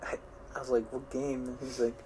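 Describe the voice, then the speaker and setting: A man's voice: medium pitch, little pitch movement, moderate pace, a little mellow, a little hiss or hum. Young man, podcast co-host, rambling storyteller, frequent restarts, swears, laughs at himself. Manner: laughs at his own stories. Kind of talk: casual chat.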